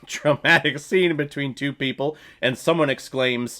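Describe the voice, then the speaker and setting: A man's voice: a little high, fairly even intonation, moderate pace, a bit bright. Exasperated, profane male movie reviewer. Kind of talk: casual film review rant.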